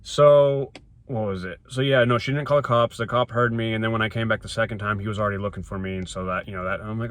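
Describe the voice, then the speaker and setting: A man with a fairly low voice tells a long personal story from the driver's seat of his car. He rambles and restarts often, but he stays emphatic throughout, and the sound comes straight through his phone. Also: steady tone, fast. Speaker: vlogger.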